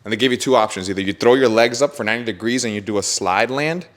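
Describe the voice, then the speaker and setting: A young man hosting a podcast, telling an excited story in casual chat, swearing and laughing often. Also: fairly low pitch, fast. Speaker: podcast host.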